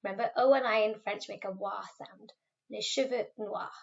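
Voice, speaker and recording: A woman teacher giving a recorded French lesson, patiently modelling words slowly for pupils to repeat. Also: mid-range voice, fairly even intonation, creaky. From Wales. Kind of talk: recorded classroom video lesson. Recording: slightly dull, lo-fi recording.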